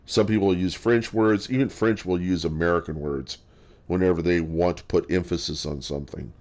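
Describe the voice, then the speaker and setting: Deep-voiced man musing haltingly. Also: a little mellow. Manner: halting, many fillers and restarts, musing. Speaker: solo talker sharing his views. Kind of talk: rambling casual monologue.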